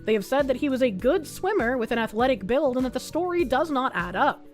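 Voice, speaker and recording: A woman's voice: high voice, animated, a little fast, faint music behind. A young adult woman streaming, chatting loosely through casual reaction commentary, swearing freely and reading chat messages aloud.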